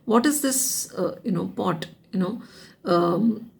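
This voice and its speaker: A woman's voice: medium pitch, unhurried, creaky, darkish tone, a little hiss or hum. A woman voicing a polite, hesitant young girl who sings in a storybook tale. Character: polite young girl singer, shy and eager.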